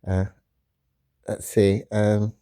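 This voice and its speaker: A man's voice: fairly low pitch, level tone, extremely slow, warm tone, clear, resonant tone. A man with a Southern accent, rambling casually through a video, full of fillers and restarts. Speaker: comic book vlogger.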